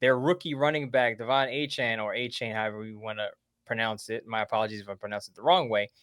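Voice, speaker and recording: Bright-voiced sports writer, man. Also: fairly low pitch, fairly even intonation, fast, no echo, studio quality. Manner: methodical, lays out lists of teams and plans. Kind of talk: casual sports talk.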